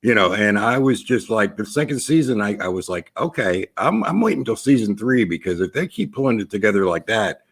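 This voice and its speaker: Husky guy on a stream panel, deadpan trolling, voice bouncing all over. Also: lowish voice, a little fast, few pauses. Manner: deadpan trolling with a poker face, breaking into laughter. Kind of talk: casual livestream panel chat.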